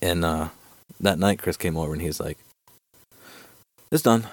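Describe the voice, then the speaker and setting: Man, very low voice, dry close sound, casual profane storyteller, chatty podcast host. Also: a little fast, no room sound. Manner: profane, animated storyteller, fillers like dude and right.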